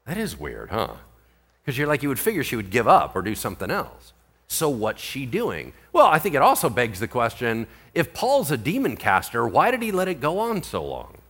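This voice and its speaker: A male pastor teaching a Bible sermon, animated and full of rhetorical questions. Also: medium pitch, normal speed, husky.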